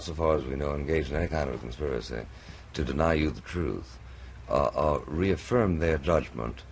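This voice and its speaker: A man's voice: very deep voice, a little mellow. A man hosting a televised debate, drawling, hesitant and full of stammered restarts, in an old TV recording. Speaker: host. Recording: faint noisy old TV recording.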